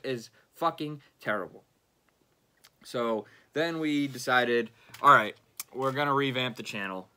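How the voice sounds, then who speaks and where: A young man talks off the cuff in a bright, forceful voice. He rambles in a casual, frustrated way, packing his talk with fillers and swearing, pitched right in the middle for a man. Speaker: YouTuber. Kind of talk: unscripted rambling monologue.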